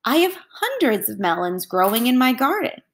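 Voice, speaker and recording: A woman's voice: on the high side, big pitch swings, normal speed, voice pushed up. A woman voicing a proud male king who grows impatient and gives commands. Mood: commanding.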